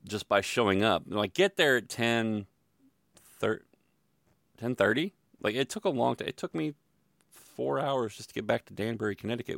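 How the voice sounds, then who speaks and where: Middle-aged guy rambling thru a story, lots of you-knows, gravelly voice, dry close sound. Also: on the low side, fairly bright tone, dry recording. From Louisville, Kentucky area. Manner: rambling, self-deprecating, many fillers and asides. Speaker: podcast host telling a personal story. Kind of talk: casual storytelling monologue.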